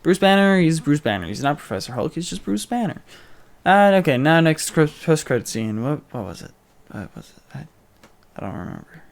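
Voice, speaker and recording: A young man co-hosting a podcast, casually retelling a movie in a rambling, jokey way with quick mock voices. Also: a little high, sing-song, vocal fry. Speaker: podcast co-host. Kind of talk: casual movie recap chat.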